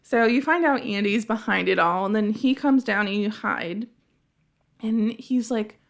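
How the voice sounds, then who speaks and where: A woman's voice: medium pitch, measured pace, gravelly. A woman hosting a casual podcast, animatedly recounting a video game's plot. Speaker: podcast host.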